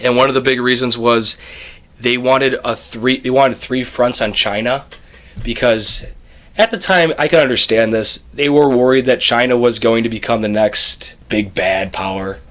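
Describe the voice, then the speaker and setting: Young male co-host, relaxed chat, long explanations, average pitch. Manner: talkative, quick restarts, explains at length. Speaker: podcast co-host. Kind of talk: casual chat.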